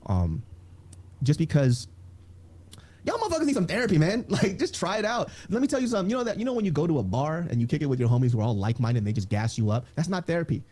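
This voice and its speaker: A man talking openly as a podcast guest, animated and laughing, swearing freely. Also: a little high, fast. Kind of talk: casual podcast chat.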